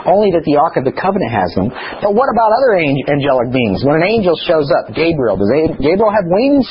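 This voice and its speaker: A man teaching scripture in a chatty, animated way, telling stories between points. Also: on the high side, quick pace, muffled recording, slight background noise. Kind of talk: bible teaching.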